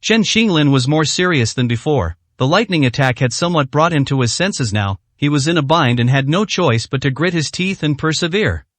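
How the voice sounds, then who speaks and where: Lively, fairly high male storyteller. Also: fairly quick, few pauses, no room sound. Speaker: narrator. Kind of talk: scripted story narration.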